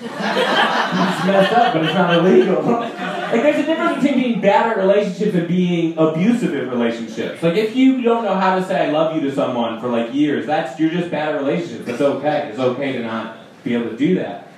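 A young man performs a wry, self-deprecating stand-up set and works the crowd. His voice sits slightly high and swings widely in pitch. He is heard from a distance in a very echoey room with audience laughter behind him. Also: expressive, brisk, slight background noise. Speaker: stand-up comedian guest. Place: comedy stage, live audience. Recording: roomy live venue with crowd from mic distance.

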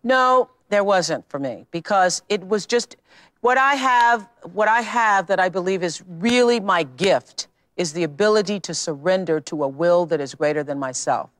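A woman's voice: lowish voice, lively intonation, normal speed, dry recording, clean studio sound. A woman answering an interview question in an archive clip, speaking earnestly and restarting her phrases as she goes. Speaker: interview guest.

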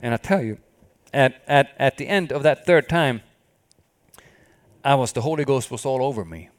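Animated and mid-range, this man's voice moves at normal speed as he delivers a passionate sermon, repeating hallelujah again and again. He studied in a country that isn't his own.

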